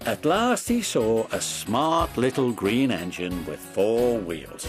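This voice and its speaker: A man narrating a children's storybook in a measured storytelling voice. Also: medium pitch, sing-song, faint music behind.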